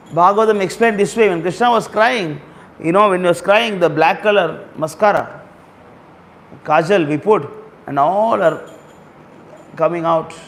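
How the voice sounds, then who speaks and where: High-voiced man telling a scripture story. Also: a little hiss or hum. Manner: repetitive, explains words and verses slowly. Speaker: speaker at a temple gathering. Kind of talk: storytelling sermon.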